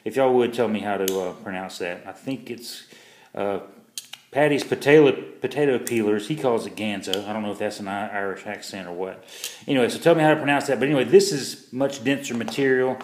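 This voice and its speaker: A man's voice: on the low side, echoey room. A man reviewing a pocket knife in a casual vlog, rambling and self-deprecating, with lots of fillers and restarts.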